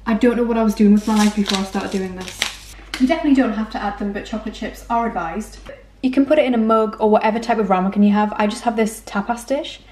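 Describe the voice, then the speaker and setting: A woman's voice: medium pitch, fairly even intonation, quick pace, a little mellow, echoey room, a little hiss or hum. A young woman walking through recipes in her home kitchen, chatty and self-mocking. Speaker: cooking vlogger. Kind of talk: casual recipe walkthrough.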